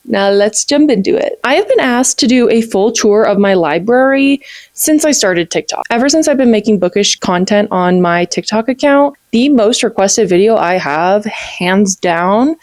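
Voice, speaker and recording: A woman's voice: fairly high pitch, a little mellow, no echo. A woman, chatting eagerly to camera as a book vlogger, gushing and peppered with "like". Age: 20s. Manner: bubbly and gushing, many "like"s. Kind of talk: casual chat to camera.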